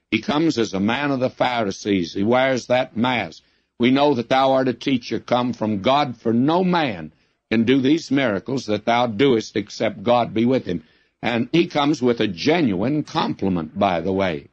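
A man's voice: mid-range voice, no room sound. A man preaching a sermon, telling stories and acting out the quoted speakers as he goes. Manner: storytelling, acting out quoted lines. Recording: dull lo-fi dry recording.

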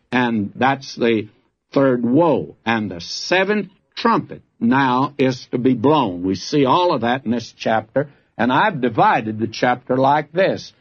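An older man giving a folksy, earnest Bible teaching, speaking to listeners as his friends. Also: mid-range voice. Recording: dull lo-fi archival recording.

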